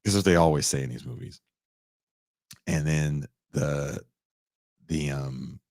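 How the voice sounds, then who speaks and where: A man in his forties with a low voice tells the story of a movie in loose podcast chat. He is animated and profane, and he slips into the characters' lines as he goes. The sound is dry and close, with no room echo. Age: 40s. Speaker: podcast host. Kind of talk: casual chat, retelling a movie.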